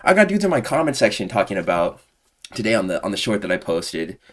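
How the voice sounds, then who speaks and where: A man's voice: on the low side, big pitch swings, fast, fairly bright tone. A man giving casual, profane, exasperated commentary on a combat sports fan community, full of slang. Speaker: MMA commentary YouTuber.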